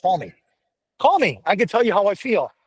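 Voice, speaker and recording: Gruff, blunt middle-aged man, fairly high voice. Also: fast talker, no echo, low-quality recording. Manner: blunt, profane, animated storytelling. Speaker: podcast guest, firefighter paramedic. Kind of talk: casual chat.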